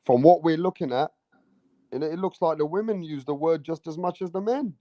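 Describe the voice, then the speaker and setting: A man interviewing in a relaxed, conversational way and asking leading questions. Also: a little high, fairly quick, no room sound. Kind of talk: casual interview talk. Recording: dry, dull lo-fi sound.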